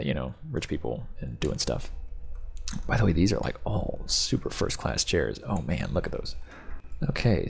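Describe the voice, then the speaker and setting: A low, gravelly, husky, slightly mellow male voice belongs to a channel host who reviews game ships. He tours a ship in the game with casual commentary, rambling and joking and laughing often.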